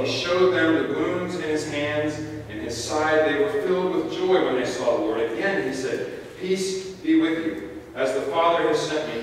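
Man preaching a sermon, slightly high voice, reads scripture with joking asides, far mic in an echoey church hall. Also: slight background noise. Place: church sanctuary.

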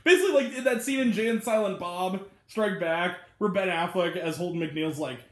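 High-voiced chatty man reviewing a movie. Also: moderate pace, a bit bright. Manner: rambling and chatty, heavy on filler words, laughs at his own retellings. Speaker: movie reviewer, channel host. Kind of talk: casual spoken movie review. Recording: roomy echo.

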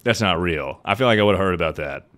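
A fast-talking young streamer with a low-pitched voice and lively intonation plays a game while bantering with viewers. He jokes, swears freely, and answers their messages out loud.

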